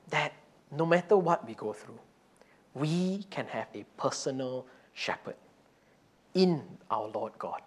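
A man's voice: medium pitch, a bit bright. A man preaching a conversational sermon and telling a story, with frequent "you know" fillers and restarts. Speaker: pastor.

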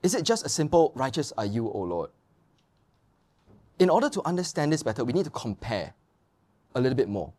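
A middle-aged male pastor preaching a sermon and telling anecdotes, mimicking people in high sing-song voices. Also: sing-song, brisk, pauses often, a little mellow.

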